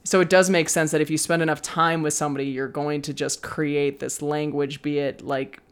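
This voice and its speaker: A woman's voice: low voice, level tone, normal speed, clear, resonant tone. A woman with an American accent, co-hosting a podcast in a laid-back casual chat. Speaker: podcast co-host.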